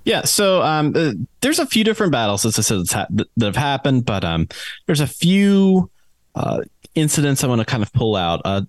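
A man's voice: medium pitch, dry recording. Dry-sounding male podcast co-host. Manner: rambling, hesitant, many fillers. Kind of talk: casual podcast chat.

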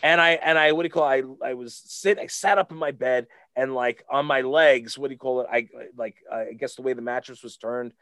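A man's voice: medium pitch, fairly quick, few pauses, fairly bright tone, clear, resonant tone, no echo. Man, podcast guest, rambling storyteller, dry close sound. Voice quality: rambling with many fillers. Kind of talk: casual storytelling.

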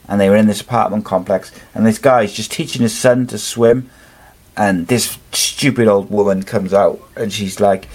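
A man's voice: on the low side, a little mellow. A man hosting a casual wrestling chat show, rambling and swearing freely. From United Kingdom. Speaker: podcast host.

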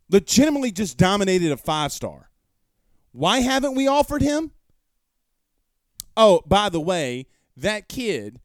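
Hosting a casual sports talk stream at home, a man with a high voice argues emphatically and leans on rhetorical questions. The audio is studio quality, with no room sound.

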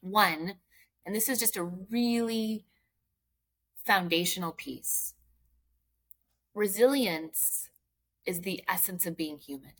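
A woman's voice: mid-range voice, slow pace, long pauses, a bit bright. A woman guest author from Philadelphia talking about resilience in casual interview chat, earnest and explaining with frequent "right?" and "like".

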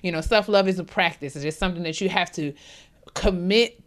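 Woman cohost on a podcast, kinda low voice, rambly and real, lots of slang. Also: brisk. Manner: rambling, candid, slangy, with frequent laughs and restarts. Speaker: podcast co-host. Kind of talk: casual chat, giving advice.

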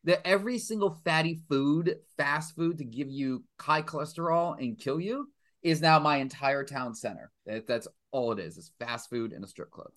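A man's voice: fairly high pitch, normal speed, fairly bright tone. A man from Massachusetts, a filmmaker guest, chatting casually on a podcast in a rambling, profane, self-mocking way. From Stoughton, Massachusetts.

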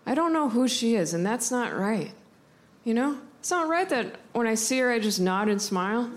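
A woman's voice: lively intonation, moderate pace. A young woman from the United States doing stand-up comedy, bubbly and apologetic. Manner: bubbly, apologetic, jumpy pitch. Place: comedy club stage. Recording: stage mic, loud crowd and noise.

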